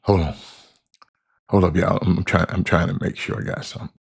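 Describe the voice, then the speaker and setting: A man's voice: low-pitched, flat delivery, a little fast, vocal fry, breathy edge. A man hosting a casual sports call-in show, loose and rambling, repeating words and talking to listeners as y'all.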